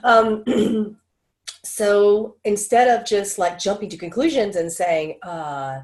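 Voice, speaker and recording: A middle-aged woman speaking as an interview guest, telling stories animatedly and acting out quoted people in a higher voice. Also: very animated, a little slow, a little mellow. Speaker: interview guest, channel and medical intuitive. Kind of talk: casual interview talk.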